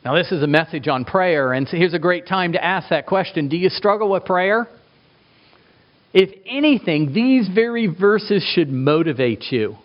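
A middle-aged man preaching a sermon as a pastor, emphatic, asking rhetorical questions and swinging his pitch for effect. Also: lively intonation, moderate pace. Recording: dull lo-fi recording.

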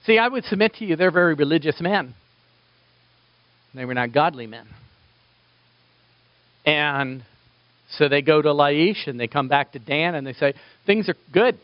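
A man preaching a sermon as pastor, animated and acting out quoted voices. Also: fairly high pitch, moderate pace, long pauses, dry recording, dull audio.

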